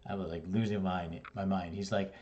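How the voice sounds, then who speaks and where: Low-voiced man teaching motor wiring. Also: steady tone, moderate pace, a little mellow, highs cut off. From Canada. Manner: conversational, explains step by step with frequent "right?" and "okay?". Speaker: electrical instructor. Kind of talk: casual classroom lesson.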